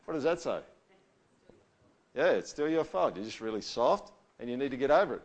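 A man's voice: mid-range voice, lively intonation, normal speed, pauses often. A middle-aged man, giving a conversational talk to an audience on handling conflict. He acts out sample apologies and often checks in with "all right?".

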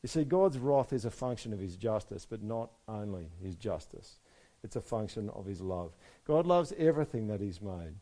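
A man preaching a sermon, moving between soft, quiet stretches and loud, emphatic passages. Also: lowish voice, expressive, normal speed, hardly any pauses. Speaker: pastor.

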